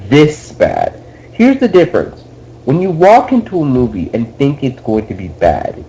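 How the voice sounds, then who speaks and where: A man's voice: mid-range voice, dark tone, lo-fi sound, a little hiss or hum. A young man co-hosting a casual podcast, ranting about a bad movie with exasperated swearing. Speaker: podcast co-host.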